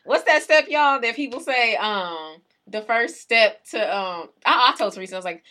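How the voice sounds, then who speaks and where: A young woman co-hosting a casual podcast chat. Her voice swings widely in pitch as she argues her point, insistent and quick to laugh. The tone is bright and forward. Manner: animated, argumentative, laughs often. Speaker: podcast co-host.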